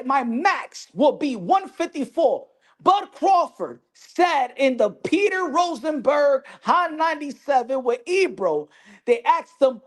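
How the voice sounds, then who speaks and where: A woman giving a brash, profane and mocking boxing commentary vlog. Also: high voice.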